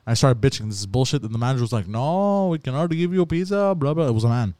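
A man tells a story in casual podcast talk with a mid-range voice. He is animated and swears often, peppering his lines with bro. The sound is dry and close. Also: mid-range voice, very fast, no echo.

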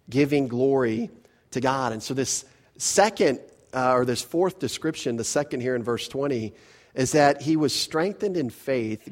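A male pastor preaches in an earnest, emphatic way, pressing each point home. His voice sits a little on the high side. The sound carries a long reverb, as in a large hall. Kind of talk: sermon.

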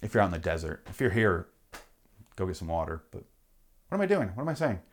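A man's voice: sits low, big pitch swings, quick pace. A man hosting a podcast, ranting comically with heavy swearing and frequent self-interruptions. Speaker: podcast host. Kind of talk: comedic rant.

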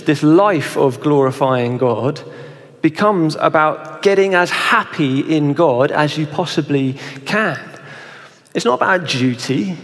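Young preacher in a reverberant hall. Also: male voice, fairly high pitch. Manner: conversational, asks the audience questions. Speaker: pastor. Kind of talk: sermon.

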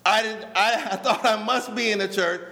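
High bright-voiced preaching man. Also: vocal fry, in a large hall. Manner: preaching with slow drawn-out emphasis; addresses a responding congregation. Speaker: pastor. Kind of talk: sermon. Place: church.

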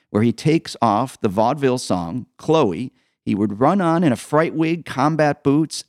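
A man's voice: on the low side, darkish tone, no room sound, clean studio sound. A man co-hosting a podcast, chatting casually about old records, laughing often and restarting his sentences. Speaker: podcast co-host.

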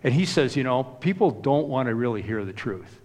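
A man's voice: medium pitch, animated, moderate pace, a little mellow, big-room sound. A man preaching a sermon in a conversational way, with many casual asides. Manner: conversational, frequent "you know" asides. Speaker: pastor.

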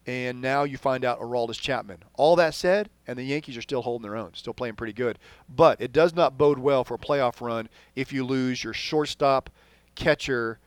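Texas guy rambling about baseball, mid pitched, voice drops off at the ends, dry mic. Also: clean tone, dry recording. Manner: rambling, trails off quietly at sentence ends. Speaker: podcast co-host. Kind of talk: casual sports chat.

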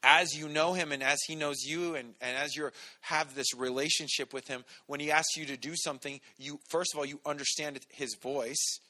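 A man, a pastor, giving a relaxed, conversational sermon with everyday stories. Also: a little high, normal speed, few pauses. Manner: relaxed, storytelling, talks to the congregation directly.

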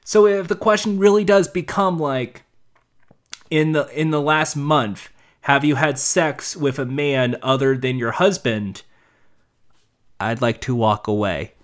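A man's voice: mid-range voice, a little slow. A man giving a casual, opinionated commentary monologue, thinking aloud with frequent restarts.

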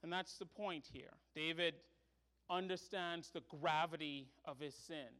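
A man preaches from the pulpit in a fairly high voice. He moves from quiet explanation to fervent, pleading emphasis, the classic earnest sermon style. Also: fairly even intonation, unhurried. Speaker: pastor.

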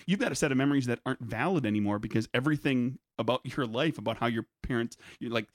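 A man co-hosting a podcast in casual chat, rambling in quick bursts and laughing often. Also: medium pitch, no room sound, clean studio sound. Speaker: podcast co-host.

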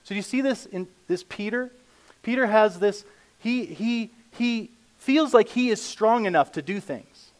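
A man's voice: high voice, lively intonation, a little slow. Conversational male pastor preaching. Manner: conversational preaching, reads scripture aloud, swings from emphatic to hushed. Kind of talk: sermon.

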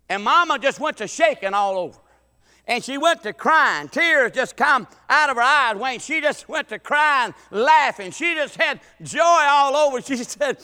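A man's voice: extremely high pitch, lively intonation, moderate pace, bright, forceful tone, long reverb tail. A man preaching a folksy sermon, telling family stories with emphatic, stammering restarts. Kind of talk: sermon with storytelling.

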